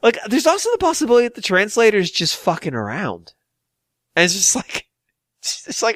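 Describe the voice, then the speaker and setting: A male podcast host chats in a casual, joking way, with a lively voice that swings up and down. His voice sits a little high, and the sound is dry and close. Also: no room sound. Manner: animated, jokey, quick asides and impressions. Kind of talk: casual comedic podcast chat.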